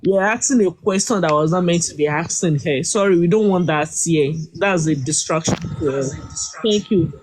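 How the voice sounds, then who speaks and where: Nigerian guy moderating a live room, high voice, keeps saying sorry, bit of hiss behind. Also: normal speed. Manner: apologetic, hesitant.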